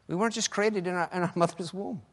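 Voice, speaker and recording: Fervent male preacher, high voice, echoing sanctuary reverb. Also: fast. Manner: fervent, swings between shouting and soft asides. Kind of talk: sermon. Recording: echoey hall with long reverb.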